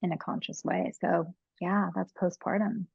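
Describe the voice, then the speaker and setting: An earnest woman speaks reflectively about motherhood, leaning on repeated phrases to drive her points home. Her voice is a little low with a gravelly edge. The sound is dry and slightly dull. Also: fairly even intonation, normal speed, a little mellow, no echo. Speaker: podcast guest on motherhood and postpartum. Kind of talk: reflective conversational advice.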